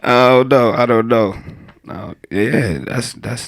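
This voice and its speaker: A man's voice: medium pitch, slow pace, vocal fry. A young man doing a crude, rambling stand-up comedy set, laughing at his own jokes.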